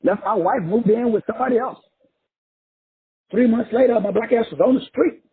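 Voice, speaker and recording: Through tinny, phone-like sound, a Texas man gives an emphatic motivational monologue laced with profanity and repeated phrases. His very high-pitched voice is husky and moves at a moderate pace.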